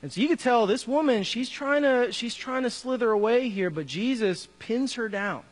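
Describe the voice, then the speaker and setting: A man's voice: very high-pitched, animated, moderate pace. A man preaching a conversational sermon, acting out dialogue from the story as he speaks. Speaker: pastor. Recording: reverberant hall with mains hum.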